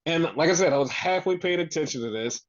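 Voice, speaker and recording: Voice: mid-range voice, expressive, quick pace. Fed up podcast co-host swearing thru a wrestling recap, muffled lo-fi sound. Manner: exasperated, profane ranting. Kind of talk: casual wrestling recap chat. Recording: dull lo-fi sound.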